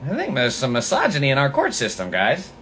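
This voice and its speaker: A man's voice: mid-range voice, huge pitch swings, fairly quick, bright, forceful tone, a little hiss or hum. A man hosting a political podcast livestream, talking in a profane, sarcastic, mocking way. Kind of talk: livestream commentary.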